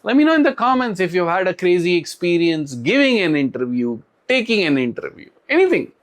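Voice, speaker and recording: Indian guy, middle-aged, bit high voice, animated storytelling, laughs a lot. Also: fairly quick. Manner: animated, acts out quotes, laughs often. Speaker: tech interviewer and channel host. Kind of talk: storytelling to camera.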